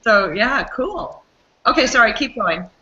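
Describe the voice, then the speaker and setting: A woman hosting a book club chat on a video call, upbeat and quick to laugh. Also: a little high, lively intonation, sharp tone. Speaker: host. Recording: slightly dull lo-fi call audio.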